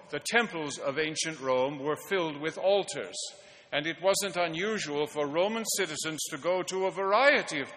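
A male pastor with a slightly high voice preaches a sermon, spinning wry anecdotes in an easy storytelling way. His words ring out with a long reverb across a large church sanctuary. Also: pushed and bright.

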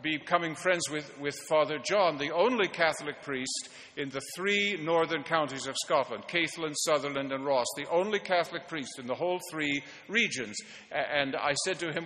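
A man's voice: a little high, moderate pace, bright, forceful tone. A male pastor delivering a sermon, telling wry anecdotes in a storytelling manner. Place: large church sanctuary. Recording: long church reverb.

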